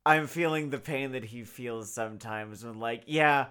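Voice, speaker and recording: A tipsy man co-hosting a casual review chat, talking in a halting, hesitant way. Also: medium pitch, a bit bright, smooth. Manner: halting, hesitant, full of ums. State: tipsy from drinking. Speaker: podcast co-host.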